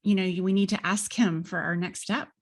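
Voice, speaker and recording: A woman's voice: fairly low pitch, fairly even intonation, brisk. A woman hosting a faith podcast, chatting casually, rambling with fillers and restarts. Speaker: podcast host. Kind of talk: casual interview chat.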